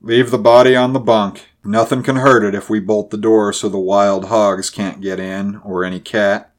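A man's voice: fairly low pitch, level tone, normal speed, natural voice. A man voicing a blunt, grim character who speaks curtly and snappishly. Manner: curt, snappish.

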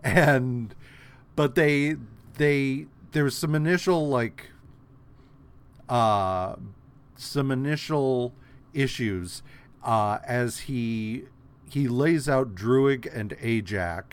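A man's voice: medium pitch, clear, resonant tone. A man co-hosting a podcast, retelling a comic story in casual chat with many fillers and restarts. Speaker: podcast co-host.

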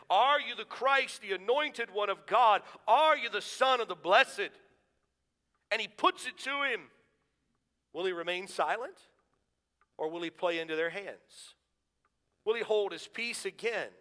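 A man's voice: high-pitched, unhurried, pauses often, sharp tone, big-room sound. A man preaching a sermon, earnest and rhetorical, stacking questions and building to emphatic declarations.

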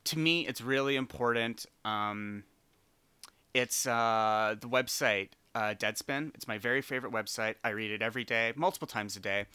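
A chatty man from Canada hosting a casual podcast, laughing often and restarting his sentences as he goes. His voice is bright, smooth and clear, and it sits close to the mic with a dry, dead sound and no room around it. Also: medium pitch, no room sound. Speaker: podcast co-host.

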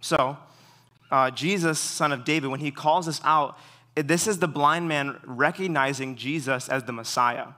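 A young man giving a sermon in a relaxed way, full of fillers, telling stories with animation. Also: on the high side, moderate pace. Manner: relaxed, filler-heavy storytelling; animated when retelling stories. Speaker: preacher. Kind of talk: casual sermon.

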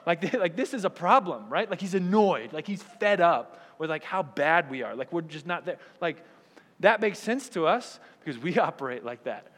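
A man's voice: a little high, animated, moderate pace, fairly bright tone. A man preaching a conversational sermon, often asking "right?" and acting out quoted voices. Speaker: pastor. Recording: long hall reverb.

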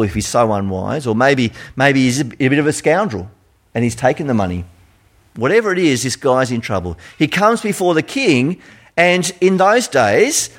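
A middle-aged Australian man giving a sermon in a conversational style, full of rhetorical questions. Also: a little high. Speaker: preacher.

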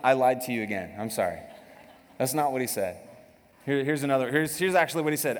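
Animated joking pastor in reverberant hall. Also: male voice, medium pitch, a little fast. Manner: animated, joking, acts out quotes. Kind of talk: sermon.

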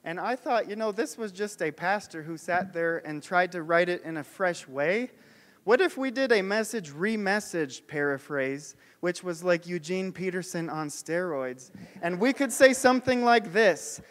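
A man preaching a sermon emphatically, swelling and dropping his voice and slowing on key words. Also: high-pitched, animated, big-room sound. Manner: emphatic, with swings in loudness and slowed key words.

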